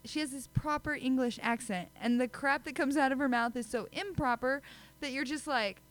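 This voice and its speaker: A woman's voice: high-pitched, moderate pace, poor audio. A woman co-hosting a podcast, chatty and giggly, poking fun at herself in casual chat. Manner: giggly, chatty, self-deprecating. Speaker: podcast co-host.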